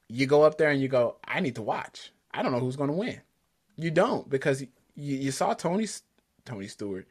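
Excitable man with a lively voice. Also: mid-range voice. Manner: excitable, enthusiastic, stumbling restarts. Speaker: podcast co-host. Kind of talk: casual chat about drag racing.

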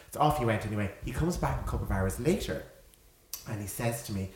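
A young man in his twenties, a podcast co-host, telling an animated story in casual chat, often laughing and acting out quotes. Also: on the low side, quick pace. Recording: echoey room with faint noise.

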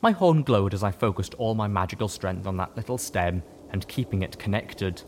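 A man giving a first-person audiobook narration with steady storytelling. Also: lowish voice, moderate pace, background noise.

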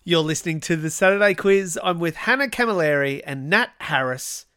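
A woman hosting a quiz podcast, reading out questions and explaining the answers in a measured way. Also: fairly low pitch, fairly bright tone, smooth. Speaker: quiz host.

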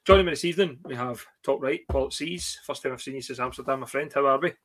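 A man's voice: medium pitch, quick pace, a bit bright. A Scottish man hosting a casual football podcast over a video call, blunt and jokey. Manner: jokey, laughs often, blunt. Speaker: podcast host.

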